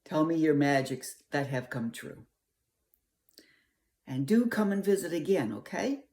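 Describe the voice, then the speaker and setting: A woman's voice: low voice, lively intonation, measured pace, dark tone. An older woman reading a picture book aloud to children, coaxing and asking the listener questions. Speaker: storyteller.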